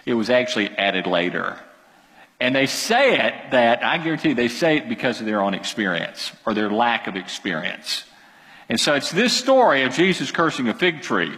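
A man preaching a sermon as pastor, animated and emphatic, with quick asides to his congregation. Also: mid-range voice, long reverb tail, rough recording.

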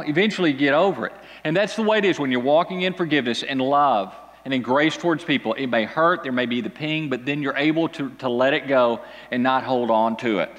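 A man preaching a sermon to a congregation, telling a scripture story with animated, dramatic delivery and big swings in pitch. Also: in a large hall. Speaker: pastor. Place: church hall with an audience.

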